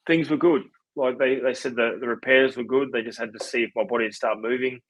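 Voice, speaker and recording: A man in his forties with an Australian accent, a podcast guest telling his story in a relaxed, rambling way with lots of fillers. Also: mid-range voice, a little fast, dry recording, low-quality recording. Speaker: podcast guest, former rugby league player. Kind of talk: casual storytelling interview.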